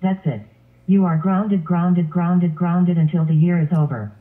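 Cartoon parent: a man doing a stern, scolding lion, high voice, tinny phone-like sound. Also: fairly even intonation, a little slow.

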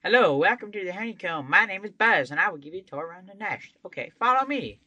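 A man's voice: high-pitched, animated, fast talker, pushed and bright, no room sound, lo-fi sound, voice pushed up, full character voice. A man voicing a cheerful male bee tour guide who welcomes visitors to the nest. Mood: chirpy.

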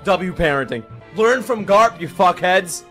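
Hyped male reactor, high animated voice, frequent shouts and swearing. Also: measured pace. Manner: loud, swearing, laughing, shouting exclamations. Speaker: anime reaction streamer. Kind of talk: excited reaction commentary. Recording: music playing behind voice. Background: anime audio and music.

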